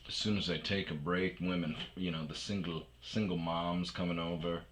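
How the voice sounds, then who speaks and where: A man from Wisconsin telling rambling, profane comic stories that often trail off into low mumbles. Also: little pitch movement, moderate pace, a bit bright, slight background noise. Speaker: storytelling podcaster.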